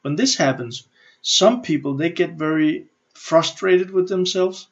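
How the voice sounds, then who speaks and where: A middle-aged man with a Danish accent gives a motivational coaching lesson. He talks in an animated way, acts out inner thoughts and often restarts his sentences. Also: fairly high pitch, measured pace. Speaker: business and personal development coach. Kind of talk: motivational teaching talk. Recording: slightly muffled lo-fi audio.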